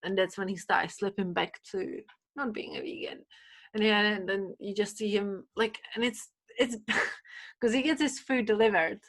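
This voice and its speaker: A woman guest on a podcast, chatting casually and telling animated stories full of fillers and acted-out quotes. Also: medium pitch, moderate pace. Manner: animated storyteller, many fillers, acts out quotes. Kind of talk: casual chat.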